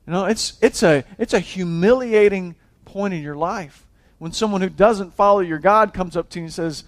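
High-voiced impassioned male preacher. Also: normal speed, few pauses. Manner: impassioned, swings between loud exhortation and hushed intensity; frequent restarts and repeated words. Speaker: pastor. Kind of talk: sermon.

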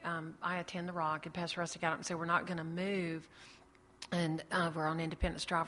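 Telling her ministry story in a testimony to an audience, a woman acts out the voices in the dialogue. She has a lowish, fairly bright voice, captured with long hall reverb.

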